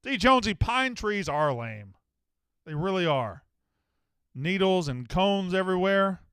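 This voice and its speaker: A man's voice: high voice, sing-song, measured pace, a bit bright, clean tone, no echo, clean studio sound. A man hosting a casual sports talk show, rambling, joking and swearing as he talks with a caller. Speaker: host.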